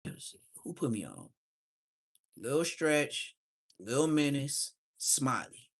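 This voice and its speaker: A man's voice: medium pitch, slow, vocal fry. A man hosting a livestream, telling street stories casually and acting out the voices of people in them. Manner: animated street storytelling, acts out quoted voices. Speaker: livestream host. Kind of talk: casual storytelling.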